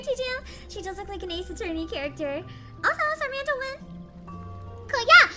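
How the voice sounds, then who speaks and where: A woman streaming a game in casual chat, chatty and expressive, laughing often between remarks. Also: sits high. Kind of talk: casual gaming livestream chat. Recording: game music playing loudly behind.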